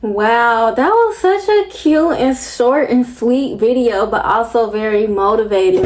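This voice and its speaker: A woman's voice: a little high, animated, unhurried, few pauses, noisy background. A woman hosting a reaction video, chatting casually and frankly, full of "like" and the odd swear word. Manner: loose, frank, sprinkled with "like" and swearing. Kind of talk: casual chat.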